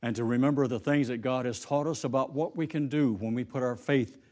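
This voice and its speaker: A man's voice: mid-range voice, fairly even intonation, brisk, darkish tone. A man preaching a sermon, telling a story and lifting his voice for the quoted lines.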